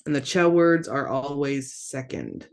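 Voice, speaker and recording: Slow, careful language teacher. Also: mid-range voice, sing-song, clean tone. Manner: slow, careful repetition of words with casual asides. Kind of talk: casual online language lesson.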